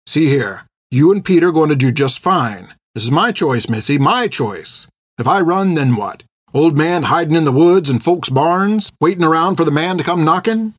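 A weary old man speaks slowly and gently, with plain dialect phrasing and a quiet resolve, as a man reads him in an audiobook. The sound is dry and close-miked. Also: on the high side, dry recording, voice pushed up. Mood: resigned. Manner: slow, calm, rural dialect phrasing. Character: old freed man, calm and resigned.

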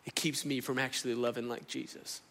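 A male pastor preaches into a stage microphone in a church hall, impassioned yet conversational, frequently putting questions to the crowd. His mid-range voice is level in tone, brisk, gravelly and a bit bright.

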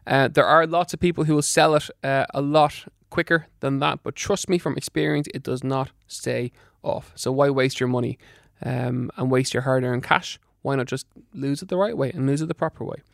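A man's voice: mid-range voice, fairly even intonation, vocal fry, no echo, studio quality. A middle-aged man giving fitness and diet advice on a podcast, emphatic and practical, doubling words for stress. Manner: brisk, practical coaching. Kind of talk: advice talk to listeners.

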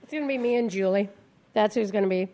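A woman's voice: mid-range voice, fast, mellow. A woman co-hosting a casual sports talk chat, joking playfully.

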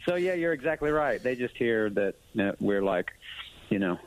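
A man, a musician guest, telling stories in a relaxed, rambling way. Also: medium pitch, moderate pace, poor audio. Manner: laid-back, rambling storyteller. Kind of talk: casual interview storytelling.

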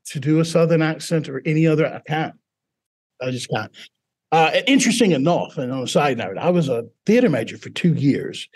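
A man's voice: mid-range voice, slightly rough. A middle-aged man from Mississippi with a British-sounding accent, telling his story as an interview guest and acting out quoted voices. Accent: British-sounding accent from foreign accent syndrome. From Mississippi, US South.

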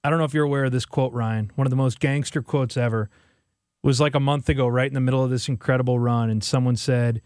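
A man co-hosting a sports call-in radio show, animated and joking about the team. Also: mid-range voice, quick pace, no room sound, clean studio sound. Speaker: radio co-host.

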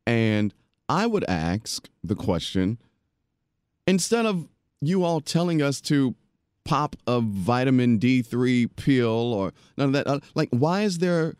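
A man's voice: mid-range voice, big pitch swings, slow, a little mellow, smooth, no room sound, studio quality. A man hosting a podcast interview in casual chat, enthusiastic and affirming, often restarting his sentences. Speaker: podcast host.

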